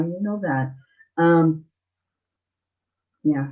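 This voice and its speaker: A woman hosting a live-stream spiritual reading as a psychic, speaking tenderly and emotionally, halting and repeating herself with many fillers. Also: sits low. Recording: slightly muffled lo-fi stream audio.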